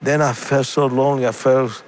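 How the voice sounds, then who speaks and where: A male evangelist guest tells his personal testimony haltingly, repeating and restarting words with deep feeling. His intonation is fairly even, with slight background noise.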